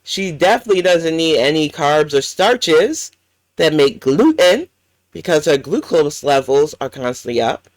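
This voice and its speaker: A woman's voice: deep voice, big pitch swings, a little slow, no room sound. A woman hosting a reaction commentary, ranting bluntly and swearing often. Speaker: commentary channel host.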